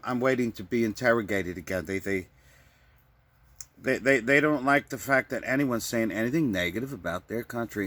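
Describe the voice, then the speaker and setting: A man's voice: mid-range voice, fairly bright tone, dry recording. A man delivering a rambling, improvised comic monologue, often stammering and repeating words. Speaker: vlogger.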